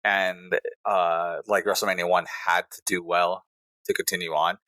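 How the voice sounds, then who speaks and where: A man co-hosting a casual podcast, his low voice bright and forceful. He races through an animated play-by-play recap with a dry, close sound. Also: normal speed, no echo. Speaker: podcast co-host.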